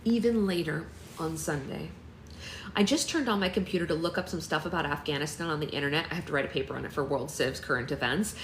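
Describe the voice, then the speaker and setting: Woman reading a novel aloud, expressive. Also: deep voice, quick pace, roomy sound, slight background noise. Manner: lively, expressive first-person reading. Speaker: book club host reading aloud.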